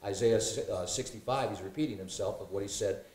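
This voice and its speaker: A man's voice: lowish voice, a little fast, a little mellow, reverberant. A man in a Bible study discussion, reading scripture aloud and musing with many fillers. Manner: reads scripture aloud, hesitant with fillers, jokes and laughs.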